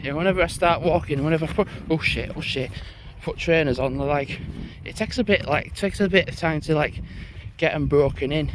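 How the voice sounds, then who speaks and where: A man's voice: a little high, a little fast, few pauses, noisy background. A young man, chatting casually and rambling as he walks a moorland path, swearing now and then. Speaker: vlogger. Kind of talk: casual walking vlog. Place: outdoors on a moorland footpath.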